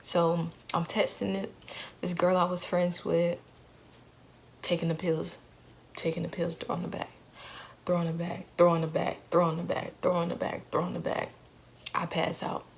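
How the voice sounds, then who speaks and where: A woman's voice: on the low side, little pitch movement, normal speed, creaky, long pauses. A young woman vlogger telling a painful personal story in an earnest way, repeating phrases for emphasis.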